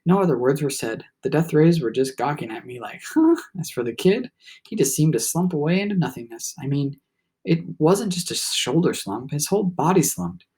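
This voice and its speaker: Male audiobook narrator, first-person storybook, reflective and steady, husky tone. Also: on the high side, a little fast. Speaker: audiobook reader.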